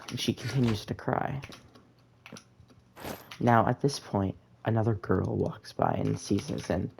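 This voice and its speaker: Young man, gravelly voice, slow rambling storytime, casual slang, laid-back. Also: on the low side, darkish tone, slight background noise. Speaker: gaming storyteller. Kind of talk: casual storytime narration over gameplay.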